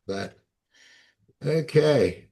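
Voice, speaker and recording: A man leading a relaxed group chat over a video call. He is laid-back and friendly and laughs easily as he asks others to speak. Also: a little high, gravelly, breathy edge. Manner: easygoing, quick to laugh.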